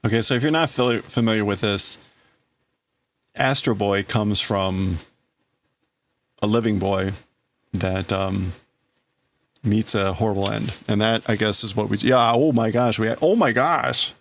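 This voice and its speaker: A man's voice: lowish voice, measured pace, long pauses, a bit bright, a little hiss or hum. Man translating manga aloud on a stream. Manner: thinking aloud, breaking up phrases, laughing at himself. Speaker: livestream host. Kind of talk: casual translating of manga on a livestream.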